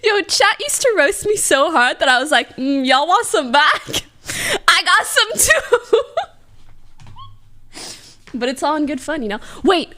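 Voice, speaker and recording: A woman's voice: sits high, fairly bright tone. A young adult woman livestreamer chatting casually with her viewers, giggly and slangy, laughing often. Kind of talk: casual chat to a live stream.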